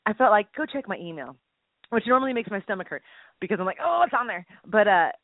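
A woman's voice: medium pitch, fast talker, no room sound. A woman co-hosting a faith podcast over a phone call, talking in a jokey, rambling way. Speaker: podcast co-host. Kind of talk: casual faith chat. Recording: tinny phone line, dry.

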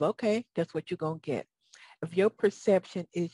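A Southern-accented woman speaks motivationally in a folksy, preacherly way, regularly questioning her listeners. She has a husky, dark, low voice at a moderate pace, recorded dry.

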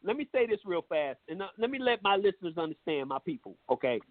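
A man's voice: high-pitched, very animated, fast, no room sound. A man hosting a radio talk show, rambling and repeating himself in profane street slang. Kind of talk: loose profane radio banter. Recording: tinny phone-line sound with faint noise.

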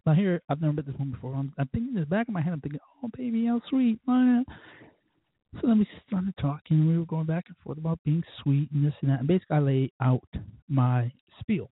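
Alone on his podcast, this host rambles and swears through a casual monologue, throwing in sound effects and imitated voices. He talks quickly at a fairly high pitch with a breathy edge. The recording is dry yet lo-fi and tinny, like a phone.

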